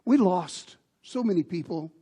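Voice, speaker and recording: Middle-aged male pastor, slightly raspy, lively sermon storyteller with big swings in volume. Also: high-pitched, unhurried. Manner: animated storyteller, swings between loud outbursts and hushed lines. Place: church sanctuary.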